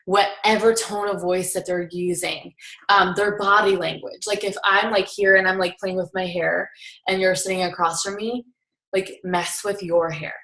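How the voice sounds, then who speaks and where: A woman's voice: medium pitch, steady tone, moderate pace, fairly bright tone. A young woman recapping a seminar in casual chat, earnest and coaching, filling her talk with "like". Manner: chatty, heavy use of filler "like". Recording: echoey room.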